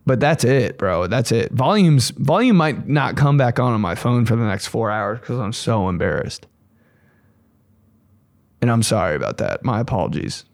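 Young man, podcast host, animated swearing rant, swooping pitch, dry close sound. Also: moderate pace, vocal fry, dry recording. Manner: animated, crude, puts on shrill voices for bits. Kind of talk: casual comedic monologue.

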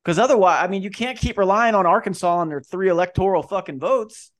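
A man's voice: sits high, fast. A man hosting a podcast, talking casually and emphatically about politics, with swearing. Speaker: podcast host.

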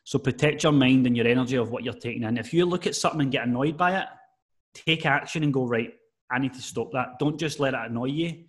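A man at a middle pitch, talking as a personal trainer guest on a podcast. He gives advice earnestly and emphatically, often dropping "mate" into his sentences in a relaxed conversational way. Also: quick pace, husky. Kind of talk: casual podcast chat.

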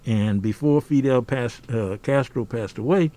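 Here the same kind of older American podcast guest has a mid-range, somewhat slow voice with a dark tone. His interview talk is forceful and sermon-like, peppered with frequent "see?"

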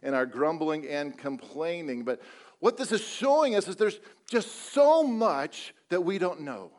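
A man preaching a conversational sermon, asking repeated rhetorical questions and slowing down on key words before speeding up again. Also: on the high side, very animated. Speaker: pastor.

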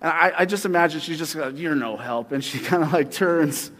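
Animated conversational preacher, fairly high voice. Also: male voice, long reverb tail. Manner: conversational and animated, often slowing down for emphasis. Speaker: pastor. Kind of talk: sermon.

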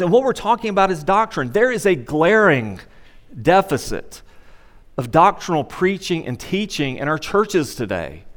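Middle-aged male pastor, sermon in a sanctuary, slightly high voice, earnest and repetitive emphasis. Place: church sanctuary. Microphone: wearable microphone pack.

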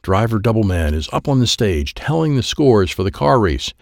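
A man reading a children's audiobook aloud in an expressive storytelling manner. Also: fairly low pitch, moderate pace, gravelly, dry recording, studio quality. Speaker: audiobook reader.

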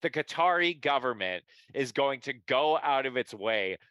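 A man's voice: mid-range voice, animated, moderate pace, a bit bright, no echo, dull audio. A man co-hosting a podcast, sarcastic and swearing in casual chat. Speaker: podcast co-host.

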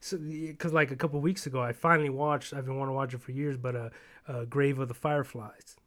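A man's voice: mid-range voice, fairly even intonation, quick pace, fairly bright tone. A man in casual chat, rambling and swearing as he retells stories and acts out bits of dialogue. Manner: rambling, profane, acts out quoted voices.

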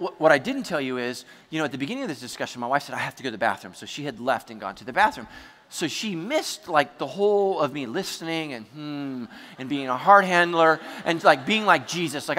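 A man preaching a sermon, telling a story with animated energy and sudden shouts. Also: on the high side, long reverb tail, slight background noise. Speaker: pastor.

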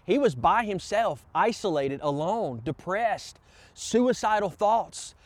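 A man's voice: high-pitched, expressive, slow pace, no room sound. A man preaching a sermon as pastor, impassioned and urging the congregation on. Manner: impassioned preaching, repeated "come on" calls to the congregation.

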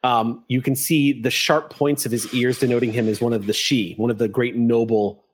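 A man's voice: medium pitch, fairly even intonation, moderate pace, breathy edge. Male game master narrating a scene. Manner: descriptive, with fillers.

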